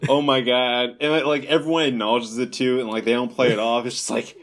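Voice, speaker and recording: A young man co-hosting a casual podcast chat, animated and quick to break into loud mock voices. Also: medium pitch. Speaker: podcast co-host.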